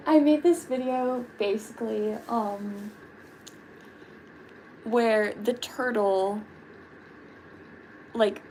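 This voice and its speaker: Slow-talking chatty vlogger girl. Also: mid-range voice, creaky, a little mellow, a little hiss or hum, poor audio. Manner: chatty and giggly, full of fillers. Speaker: livestreaming vlogger. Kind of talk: casual live-stream chat while painting nails.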